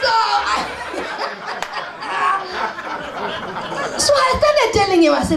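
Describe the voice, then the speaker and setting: Lady doing stand-up, high voice, lots of gravel, echoey hall sound. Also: extremely slow, long pauses, crowd noise. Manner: animated, shouts and laughs, acts out the people in her stories. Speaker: stand-up comedian and spoken-word poet. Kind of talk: stand-up storytelling with poetry. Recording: echoey room.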